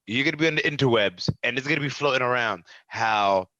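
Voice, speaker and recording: A man co-hosting a casual review show, jokey and quick to laugh. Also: mid-range voice, pushed and bright, no room sound, muffled recording. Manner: jokey, laughing, mock voices. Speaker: podcast co-host.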